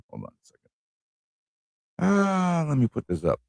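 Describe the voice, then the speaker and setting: A man's voice: on the high side, huge pitch swings, measured pace, gravelly, a little mellow, dry recording. A man from New hosting a live online show, telling rambling, laughing stories with plenty of swearing. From New York City. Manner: rambling, laughing, profane storytelling. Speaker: show host. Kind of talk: casual live-stream chat.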